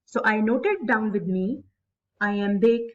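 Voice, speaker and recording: Slow, methodical woman teacher. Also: a little high, lively intonation, a little mellow. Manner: slow, repetitive, explaining step by step. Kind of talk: classroom lecture. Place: classroom. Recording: distant, muffled classroom recording.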